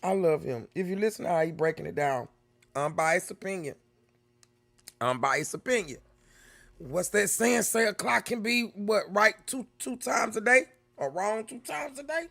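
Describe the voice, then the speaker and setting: A man's voice: high voice, lively intonation, normal speed, creaky, few pauses, a bit bright. A man hosting a reaction video, chatting casually and laughing often, calling viewers y'all and baby.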